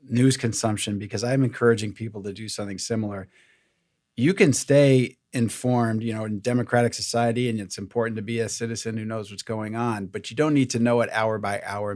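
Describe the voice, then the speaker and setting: A man hosting a podcast, giving measured advice and recapping his guest's points. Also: lowish voice, steady tone, a little mellow, dry recording, studio quality. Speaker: podcast host. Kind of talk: interview reply and narrated recap.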